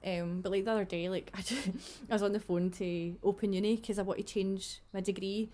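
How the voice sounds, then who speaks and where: A woman's voice: mid-range voice, fairly even intonation, fairly quick, warm tone. A Scottish woman co-hosting a podcast, chatting casually in a rambling way and laughing often. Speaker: podcast co-host. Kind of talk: casual chat.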